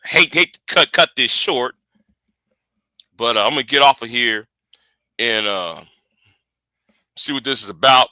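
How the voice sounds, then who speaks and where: Early-40s man, home livestream host. Rambling, repeats himself, slangy, bright tone, dry close sound. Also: medium pitch, a little slow, pauses often, no room sound. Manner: rambling, repeats words, talks to chat. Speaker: channel host. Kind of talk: casual livestream chat with viewers.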